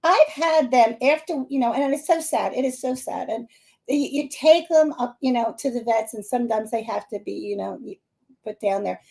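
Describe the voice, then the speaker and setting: A middle-aged woman with a Philadelphia-area accent, hosting a live stream as a psychic medium and talking to her viewers in a chatty, animated way, laughing often. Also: a little high, normal speed, gravelly.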